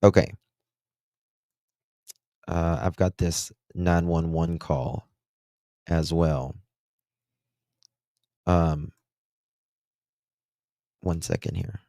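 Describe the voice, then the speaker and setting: Deep-voiced man, slow rambling livestream host, dry close sound. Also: level tone, creaky, mellow, dry recording. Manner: slow, rambling, thinking aloud. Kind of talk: casual livestream commentary.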